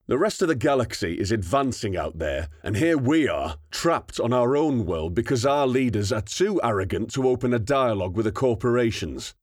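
A man voicing an eager young male soldier who talks with energetic, rapid conviction. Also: medium pitch, no room sound, clean studio sound, pitched above the performer's own voice, natural voice. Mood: fired up.

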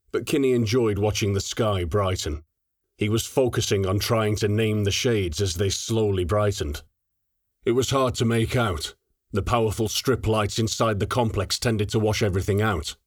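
Male audiobook narrator, low and steady, dry close mic. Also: dry recording.

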